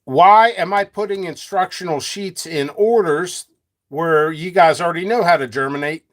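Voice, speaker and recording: A man hosting his channel as a seed seller talks to viewers in a rambling, joking, free-flowing way, laughing often. His voice is on the high side and a bit bright, at a moderate pace.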